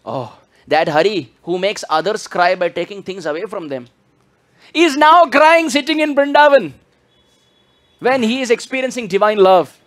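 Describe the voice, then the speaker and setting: A man preaches in a lively, swooping voice that sits high for a man. He tells the story with animation and breaks into chanted scripture verses. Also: normal speed. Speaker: spiritual speaker. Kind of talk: sermon.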